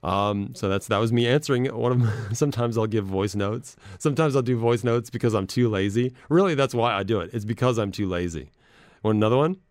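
A man's voice: lowish voice, fairly quick, darkish tone, no room sound, clean studio sound. A man hosting a podcast in casual chat, rambling and self-deprecating as he reads messages aloud. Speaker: podcast host.

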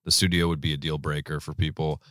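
A man co-hosting a podcast, chatting casually with dry, deadpan asides. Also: a bass voice, fast, no room sound. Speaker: podcast co-host and producer.

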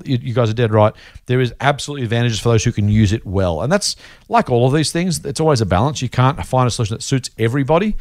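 Fast-talking, upbeat Australian man. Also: medium pitch, dry recording. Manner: enthusiastic, quick and chatty, with frequent fillers. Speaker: podcast host. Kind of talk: casual podcast chat.

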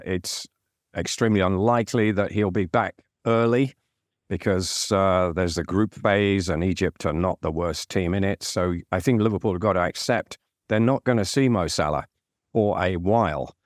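Low-voiced hesitant football pundit, a man. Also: normal speed, dry recording, studio quality. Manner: hesitant, many fillers and restarts. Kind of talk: casual studio chat.

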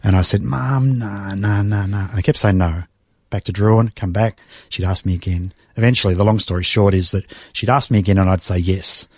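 A man's voice: sits low, fairly even intonation, brisk, no room sound, studio quality. A middle-aged man, recounting a personal story in an interview, emotional and reflective, sighing and restarting as he goes. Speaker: guest. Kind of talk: personal testimony in conversation.

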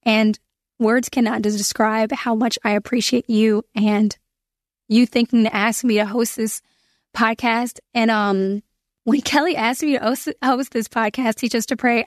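A woman with a fairly high voice hosts a prayer podcast, offering spoken prayer and reflection earnestly and from the heart. She uses some fillers and restarts her sentences now and then. The recording is dry, with clean studio sound.

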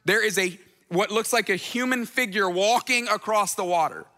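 A man's voice: sits high, normal speed, bright, forceful tone, big-room sound. A man preaching a sermon as pastor, talking in a conversational way and acting out the people in the stories he tells. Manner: conversational, acts out voices in retellings.

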